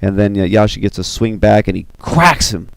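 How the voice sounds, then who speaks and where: Man, deep and gravelly, casual film storyteller with lots of fillers, dry close mic. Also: normal speed, dry recording. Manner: animated, filler-heavy with you know and uh. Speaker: storyteller recounting an animated film. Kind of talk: casual retelling.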